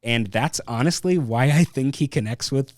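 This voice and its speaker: A man's voice: medium pitch, moderate pace, dry recording, studio quality. A man hosting a casual film review podcast, rambling and thinking aloud as he tells a story. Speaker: podcast host.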